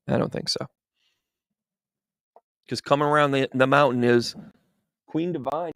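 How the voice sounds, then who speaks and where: Gravelly, animated man reading tarot. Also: medium pitch, normal speed, long pauses, dry recording, clean studio sound. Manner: animated storyteller, acts out quoted voices. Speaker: medium giving tarot readings. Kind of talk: livestream tarot reading and chat.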